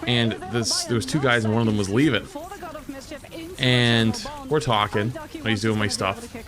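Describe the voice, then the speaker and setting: A man's voice: on the low side, fairly even intonation, a little slow, a crowd in the background. A male streamer tells a casual story to his viewers. He rambles, restarts his sentences and swears freely along the way.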